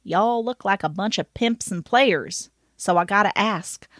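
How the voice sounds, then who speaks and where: A woman's voice: mid-range voice, unhurried, a bit bright, no echo, lightly acted. A woman voicing a pushy, crude, tipsy male taxi driver with a drawling Southern US accent. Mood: brash.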